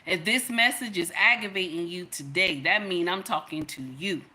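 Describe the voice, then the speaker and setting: A woman's voice: fairly low pitch, normal speed, bright, forceful tone. A middle-aged woman hosting a livestream, giving emphatic, sermon-like relationship advice straight to her viewers. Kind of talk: preachy livestream talk.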